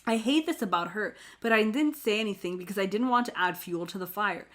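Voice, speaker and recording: A woman's voice: mid-range voice, fairly quick, fairly bright tone. Woman podcaster reading stories aloud. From Canada. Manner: reads aloud with slips and laughs at her own mispronunciations.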